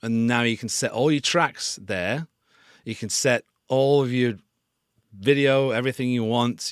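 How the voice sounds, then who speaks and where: A man with a lowish voice talks through a live tutorial at an unhurried pace. He is casual and self-deprecating. The recording is dry and close. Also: a bit bright, dry recording. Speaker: sound designer hosting a tutorial.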